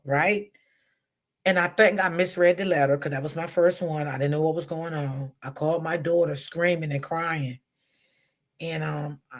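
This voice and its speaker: A middle-aged woman hosting a casual livestream, chatting warmly and reading out viewer comments. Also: on the low side. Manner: chatty, talks straight to viewers. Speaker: livestream host.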